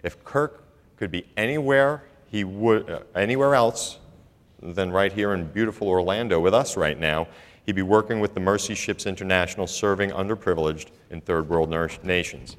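A man's voice: low voice, normal speed. A man acting as moderator, steadily reading a formal introduction of the next speaker at a conference. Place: large conference hall. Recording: hall reverb.

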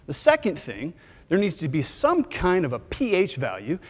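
A Texas man who works as a physician assistant gives a conference lecture in a joking, conversational, lively way. His voice is slightly high and moves at a normal speed. The large hall adds reverb to the recording.

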